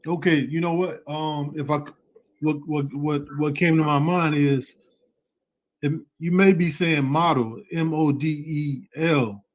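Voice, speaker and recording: A man's voice: on the high side, fairly even intonation, measured pace. A man in an online scripture class over a video call, who chimes in with repeated affirmations and talks loosely, with lots of fillers. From United States.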